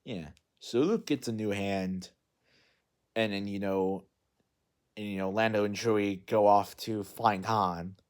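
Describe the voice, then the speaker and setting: Man, lowish voice, loose unscripted movie recap, rambling with lots of fillers and restarts. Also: fairly even intonation, a little slow, clear, resonant tone. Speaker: movie vlogger.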